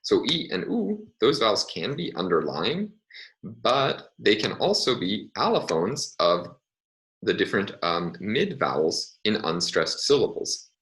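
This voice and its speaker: A man's voice: on the low side, sing-song, a little slow, a bit bright, poor audio. A man giving a recorded linguistics lecture, thinking aloud with frequent fillers as he works through examples.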